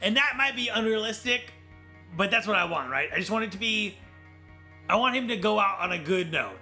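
A man hosting a casual podcast with a high, very bright, sharp voice. He is opinionated and leads the talk with questions. Faint music sits in the background. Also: lively intonation, brisk. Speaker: podcast host. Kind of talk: casual chat.

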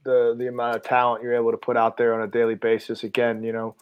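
An easygoing male podcast co-host with a smooth, resonant voice. He chats casually and laughs along with the others. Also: medium pitch, monotone, quick pace, highs cut off.

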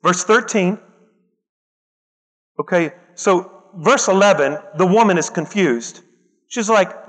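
Man, preacher, very high voice, emphatic repetition, long hall reverb. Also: lively intonation, moderate pace, long pauses. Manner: emphatic, repeats phrases for effect, calls out to the congregation. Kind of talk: sermon.

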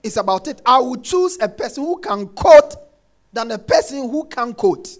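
A man preaching a sermon, quoting scripture and repeating his refrain, dropping soft and then shouting. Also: very high-pitched, very animated, normal speed. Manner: emphatic, repeats phrases, swings between soft and shouted lines; quotes scripture, acts out congregants' complaints.

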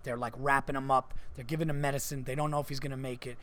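Swearing casual podcast host. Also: male voice, medium pitch, flat delivery, fast talker, a bit bright. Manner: swears freely, lots of "like" fillers. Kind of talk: casual storytelling chat. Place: comedy club.

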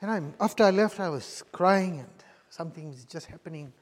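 A man preaching a sermon with a personal testimony, earnest and halting, often restarting and repeating his phrases. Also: on the high side, long reverb tail.

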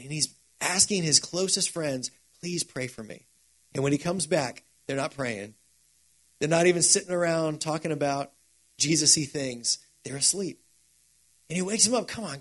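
Animated, casual man preaching a sermon. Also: a little high, husky. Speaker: pastor.

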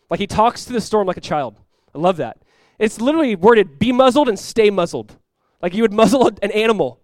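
Fast-talking high-voiced male pastor. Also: no room sound. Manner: energetic, acts out quoted voices with big jumps in pitch and volume. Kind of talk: sermon.

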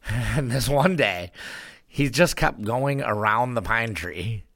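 A man's voice: mid-range voice, expressive, slow pace, a bit bright, dry recording. A middle-aged man chatting casually and telling stories, laughing often and acting out the voices of the people in them. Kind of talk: casual chat, storytelling.

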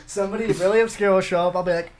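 Fast-talking young man, joking banter. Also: high voice, fairly even intonation, background noise. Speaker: podcast co-host. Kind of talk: casual chat.

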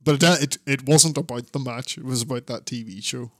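A man's voice: mid-range voice, fairly quick, dry recording, clean studio sound. A man co-hosting a podcast, chatting casually and rambling about wrestling, swearing and laughing often. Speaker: podcast co-host.

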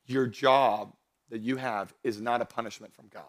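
A young adult man, a pastor, preaching a sermon to his church, building to loud emphatic passages and joking with the congregation. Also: mid-range voice, steady tone, normal speed. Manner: jokes with the congregation. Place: church stage before a congregation.

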